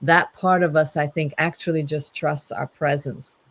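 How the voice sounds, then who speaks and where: A woman's voice: sits low, steady tone, normal speed, low-quality recording. A woman in casual conversation who teases in a playful way and laughs often. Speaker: podcast host.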